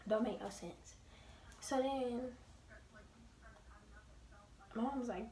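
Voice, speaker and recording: A young woman telling a story in a casual, animated and emphatic way. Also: on the high side, takes it slowly, long pauses, recorded from a distance. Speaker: vlogger. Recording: roomy, away from the mic.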